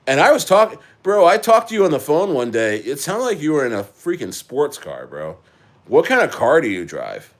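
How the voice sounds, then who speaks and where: A man hosting a casual crypto livestream, rambling with many halting restarts as he answers his chat. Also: medium pitch. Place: living in Chile.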